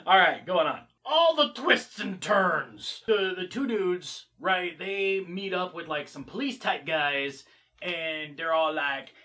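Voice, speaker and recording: A man's voice: high voice, a little slow. A man casually retelling and reviewing a movie in a rambling way, full of fillers. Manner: rambling, filler-heavy, animated. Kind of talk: casual reaction vlog.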